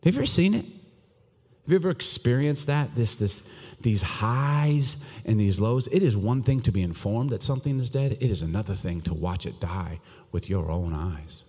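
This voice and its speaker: Husky-voiced preacher man in echoing hall. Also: fairly low pitch, moderate pace. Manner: animated, joking, swings between loud and hushed. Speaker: pastor. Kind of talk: sermon. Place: church hall. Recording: long reverb of a large church hall.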